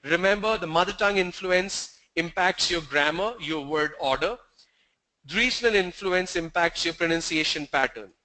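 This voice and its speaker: A man teaching English pronunciation in an online class, speaking in a measured way, asking the class questions and repeating key points. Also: sits high, bright, forceful tone, poor audio.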